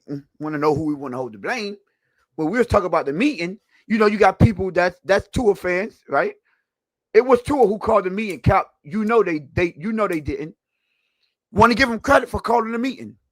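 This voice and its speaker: A man's voice: high-pitched, no room sound. A man hosting a heated sports talk show, preachy and emphatic, firing off rhetorical questions.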